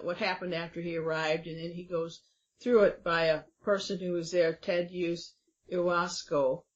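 A woman hosting an interview, chatting and reading passages aloud with frequent fillers. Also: fairly low pitch. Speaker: interview host. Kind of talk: conversational interview. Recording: dull lo-fi audio.

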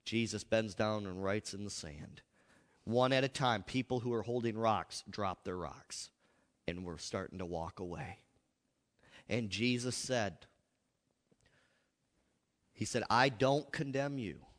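A man's voice: fairly low pitch, takes it slowly, long pauses. Impassioned male preacher in an echoey hall. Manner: impassioned, swinging between loud outbursts and hushed asides. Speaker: pastor. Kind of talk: sermon. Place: church.

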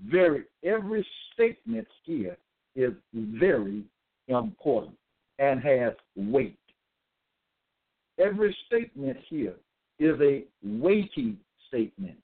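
At a middling pitch, a man gives a religious monologue, reading scripture aloud and driving each point home. He repeats himself with emphasis and slows on stressed words, and the audio sounds thin and tinny, like a phone line.

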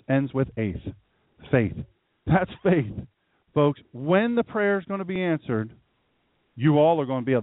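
A man preaching a sermon in a lively, conversational way, talking directly to his congregation. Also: medium pitch, dry recording. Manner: animated, conversational preaching with asides to the room. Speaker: pastor. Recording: tinny phone-like sound.

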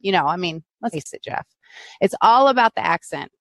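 Woman, from the US, podcast host, bubbly, teasing, lively intonation, dry recording. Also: fairly low pitch, a little fast, gravelly, no echo. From United States. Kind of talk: live-streamed podcast interview.

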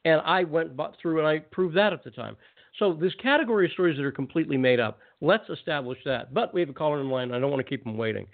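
A man hosting a call-in talk radio show, ranting casually with quick asides. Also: fairly high pitch, animated, vocal fry. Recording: phone-like narrow band audio.

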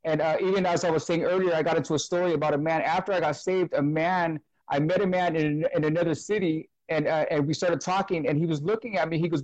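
Man, slightly high voice, dry sound, earnest testimony, retells dialogue. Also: fairly even intonation, fast, a little mellow, no room sound, muffled recording. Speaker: guest, full-time minister. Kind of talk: personal testimony in an interview.

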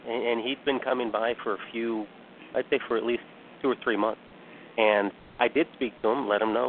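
A man speaking as a guest on a call-in chat, halting and restarting as he tells a story. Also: lowish voice, steady tone. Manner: hesitant, many restarts. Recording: tinny phone line with faint hiss.

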